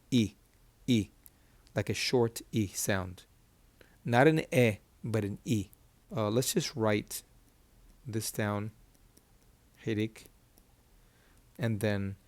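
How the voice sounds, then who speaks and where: A man's voice: lowish voice, dry recording. A man teaching a Hebrew reading lesson at a board, patiently repeating key terms and asking checking questions. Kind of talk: whiteboard lesson.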